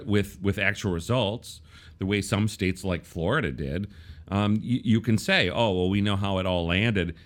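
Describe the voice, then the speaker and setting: A man's voice: lowish voice, a bit bright. A man hosting a casual political talk show, wry and conversational, often restarting his sentences. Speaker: podcast host.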